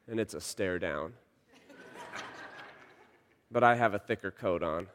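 Slow-speaking preacher in a big echoing hall. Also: male voice, mid-range voice, big pitch swings, smooth. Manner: storytelling, dramatic swings from quiet to shouting. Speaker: pastor. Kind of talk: sermon. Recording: long reverb of a large hall.

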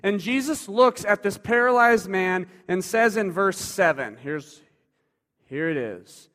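Male preacher, sermon, conversational, high voice, loud and soft in turns, long hall reverb. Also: animated, takes it slowly. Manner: conversational, shifting from loud to quiet.

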